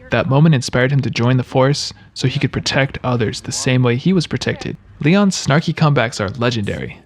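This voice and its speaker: Man narrating game trivia wryly. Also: medium pitch. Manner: wry, joking asides.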